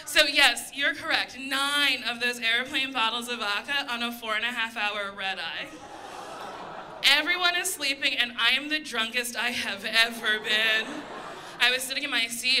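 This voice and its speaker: High, animated woman doing stand-up. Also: slight background noise, rough recording. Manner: loud, animated storytelling with put-on voices. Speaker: stand-up comedian. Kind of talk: stand-up comedy set. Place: comedy stage before a live audience.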